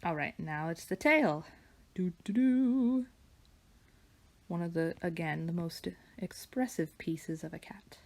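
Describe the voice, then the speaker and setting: A woman with a lowish voice and a gravelly fry chats away as she draws. She meanders from story to story and drops into soft murmurs as she works. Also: expressive, moderate pace, few pauses. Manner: chatty and meandering, drifting into soft murmurs while working. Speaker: digital artist and vlogger. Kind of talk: casual chat while drawing. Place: home studio with her dog nearby.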